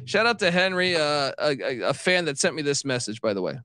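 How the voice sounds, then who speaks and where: A man's voice: a little high, lively intonation, fairly quick, sharp tone, smooth, no room sound. A man hosting a casual sports chat who rants, swears and gets worked up. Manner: ranting, profane, gets worked up. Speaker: podcast host.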